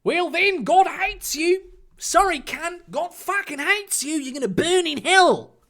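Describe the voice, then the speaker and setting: A preachy, foul-mouthed schoolboy snarls in a high, swooping voice, as a man puts him on. He sounds fanatical and cruel. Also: expressive, measured pace, gravelly, sharp tone, exaggerated voice. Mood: zealous fury. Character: boy rough-mouthed preachy zealot.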